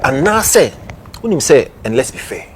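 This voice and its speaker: A man's voice: medium pitch, very animated, moderate pace, slightly rough. A man with a Ghanaian accent hosting a talk show, explaining a case point by point. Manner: explains point by point, laughs in between. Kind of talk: news commentary talk show.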